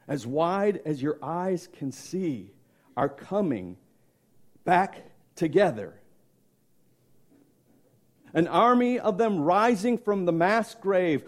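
Male pastor, dramatic emphatic sermon delivery, slow and deliberate pace. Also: sits high, darkish tone. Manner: dramatic, emphatic storytelling with questions to the congregation.

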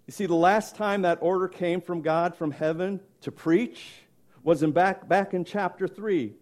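A man's voice: high-pitched, a little mellow. A man preaching a sermon, telling a story dramatically and emphatically, asking questions of his congregation. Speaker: pastor.

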